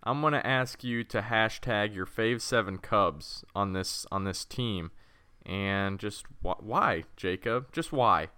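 A man's voice: lowish voice, takes it slowly, pushed and bright, clean tone, dry recording. A young man co-hosting a casual sports podcast, teasing his partner and steering the segments along. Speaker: podcast co-host.

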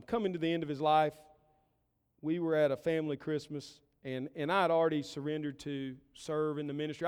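A man's voice: fairly high pitch, clean tone. Earnest male pastor preaching in reverb. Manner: earnest, building emphatic short phrases. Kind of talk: sermon. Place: church sanctuary. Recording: long reverb of a church hall.

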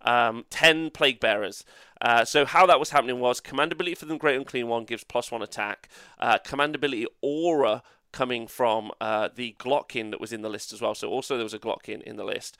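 A man co-hosting a casual tabletop gaming podcast, animated and swearing freely with lots of fillers. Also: medium pitch, brisk, clean tone, no echo, studio quality. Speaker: co-host. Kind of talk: casual podcast chat about tabletop games.

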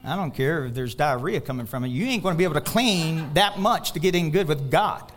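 A male pastor preaching a sermon, animated, telling stories with quoted dialogue and rising to near-shouts on emphasis. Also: a little high, a little fast, slight background noise.

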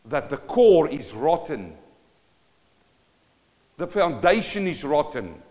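A man's voice: fairly high pitch, big pitch swings. Emphatic preacher man in a reverberant hall. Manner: emphatic, swings from loud to quiet; reads scripture slowly and deliberately. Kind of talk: sermon.

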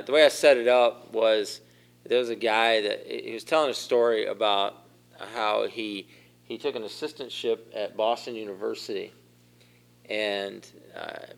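Bright-voiced man preaching a sermon. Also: fairly low pitch, vocal fry, clean tone. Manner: conversational, asks the congregation questions and laughs. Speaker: pastor.

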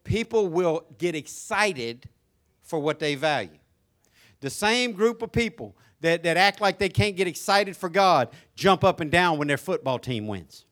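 Male pastor, church sermon, high voice, forceful bright tone, soft asides to loud praise. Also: lively intonation, a little slow. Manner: preaching, swinging from soft asides to shouted praise. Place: church sanctuary.

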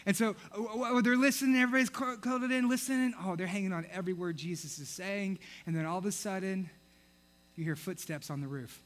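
A young man preaching a sermon, telling a story in an animated way and acting out the characters. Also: sits high, quick pace, a little hiss or hum. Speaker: pastor.

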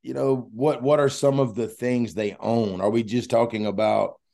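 Gravelly, dark-voiced male podcast host. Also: mid-range voice, fairly even intonation, moderate pace. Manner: enthusiastic, rambling. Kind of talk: casual podcast interview.

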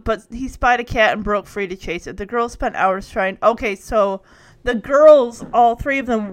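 A woman's voice: a little high, a bit bright. A woman reading a children's book aloud, adding chatty, playful comments. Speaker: reader.

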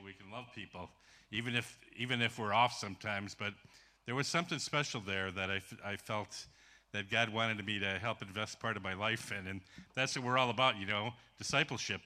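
Folksy man missionary, very bright voice. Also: mid-range voice. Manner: folksy, casual, says "man" often. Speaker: missionary guest speaker. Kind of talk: sermon.

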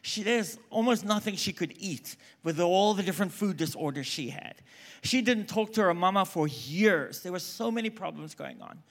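A middle-aged man from South Africa with a South African accent blended with American, preaching an emphatic sermon that swings between loud calls and quiet asides. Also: sits high, animated, normal speed. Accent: South African, mixed with American.

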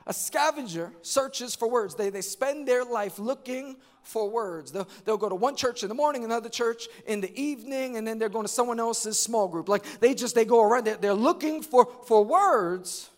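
A man from New York preaching a sermon at a church service, animated, often repeating words and rising to shouts. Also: extremely high pitch, normal speed, hardly any pauses. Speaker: pastor.

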